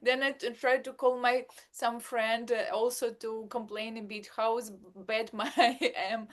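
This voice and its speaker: A woman's voice: fairly high pitch, little pitch movement, unhurried. A woman, a mother of a baby, talking in a casual podcast chat, hesitating and searching for simple words as she speaks.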